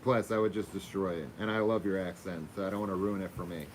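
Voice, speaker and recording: A man's voice: sits low, fairly even intonation, fast, noisy background. A man hosting a casual livestream, chatting loosely with viewers and his dog and swearing now and then. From Florida. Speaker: livestream host. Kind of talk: casual livestream sign-off chat.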